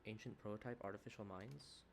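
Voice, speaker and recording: A man voicing a gentle, friendly male AI companion program in an earnest, put-on accent. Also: lowish voice, fairly quick, vocal fry, a little hiss or hum.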